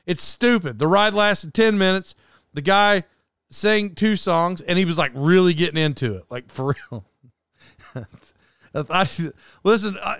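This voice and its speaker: Man, casual podcast storyteller: rambling, self-doubting, lots of restarts and chuckles; somewhat high, smooth voice. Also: unhurried, fairly bright tone, no room sound, studio quality.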